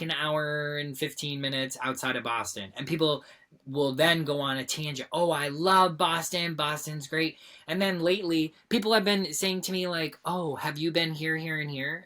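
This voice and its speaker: A woman from Central Massachusetts co-hosting a casual podcast, acting out exasperated quotes. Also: sits low. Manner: animated, acts out exasperated quotes. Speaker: podcast co-host. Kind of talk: casual chat.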